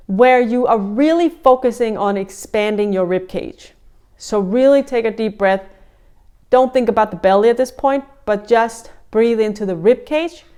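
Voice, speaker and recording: A woman leading a guided breathing lesson in a gentle, conversational way, a little out of breath, with frequent fillers and restarts. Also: a little high, clear, resonant tone. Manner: gentle, talks through steps with many restarts and fillers.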